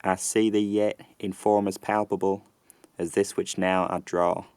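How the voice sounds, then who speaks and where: A man's voice: low-pitched, little pitch movement, darkish tone, clean tone, no room sound. A man putting on a rural Southern US drawl for Shakespeare. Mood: brooding. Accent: rural Southern US, put on. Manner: slow, measured, theatrical delivery. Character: man dramatically reciting a Shakespeare soliloquy. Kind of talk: dramatic verse reading.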